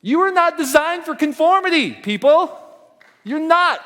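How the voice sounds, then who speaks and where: A man's voice: very high voice, unhurried, some chatter behind. A middle-aged man giving a motivational conference keynote, telling a family story and acting out the voices in it. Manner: animated storytelling, acts out quoted voices. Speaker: conference speaker. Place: conference hall stage. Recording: long reverb of a large hall.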